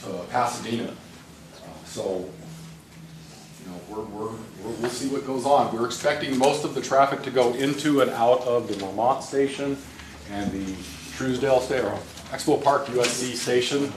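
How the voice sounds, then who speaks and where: A congested man giving an informal briefing at a public meeting, talking conversationally with many uh's and restarts. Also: medium pitch. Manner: conversational, frequent uh and um, restarts itself. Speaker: rail operations executive giving a briefing. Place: large meeting room. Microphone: distant room mic. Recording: echoey meeting room from far off with noise.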